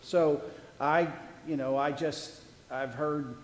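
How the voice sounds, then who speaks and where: A man with a slightly raised pitch shares his view during a church gathering, speaking plainly with small restarts. His voice rings in a roomy church hall with a long reverb tail. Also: fairly even intonation, slow pace. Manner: affirming with frequent amens, then explaining plainly. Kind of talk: casual church sharing.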